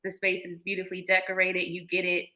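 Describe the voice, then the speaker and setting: Upbeat woman guest, very bright tone. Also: lowish voice, monotone, fast, poor audio. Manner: upbeat, eager. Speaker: studio owner, podcast guest. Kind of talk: casual interview.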